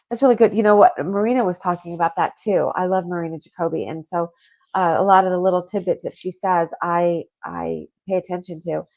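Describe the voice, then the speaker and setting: A woman's voice: on the low side, a little fast, creaky, darkish tone. A woman hosting a spiritual talk show, chatting casually and reading listener comments aloud with lots of fillers. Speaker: podcast host.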